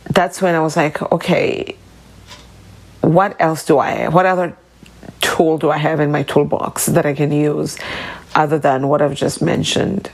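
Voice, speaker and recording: South African woman, podcast host, low gravelly voice, halting and emotional solo talk. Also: low-quality recording.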